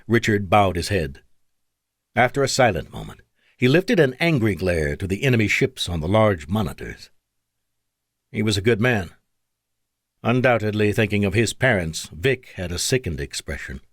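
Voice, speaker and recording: A man's voice: fairly low pitch, lively intonation, moderate pace, dry recording. A man narrating an audiobook in dramatic, scripted storytelling on a close studio mic.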